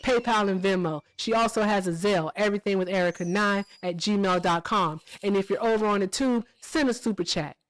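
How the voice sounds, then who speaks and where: Speaking briskly with hardly any pauses, a woman with a mid-range voice hosts a casual live stream. She's blunt and profane in her chat and commentary, constantly checking in with "okay?" and "all right?".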